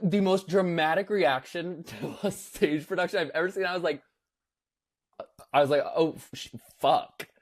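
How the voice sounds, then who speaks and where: Animated young man telling a story. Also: fairly high pitch, normal speed, long pauses. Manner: animated storyteller, acts out quotes in voices, many fillers. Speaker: podcast co-host. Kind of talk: casual podcast chat.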